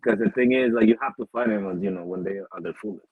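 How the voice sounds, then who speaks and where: A man co-hosting a casual boxing talk show, animated and profane, laughing often. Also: on the low side, fast, husky, no room sound, narrow, tinny audio. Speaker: boxing podcast co-host. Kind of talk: casual chat.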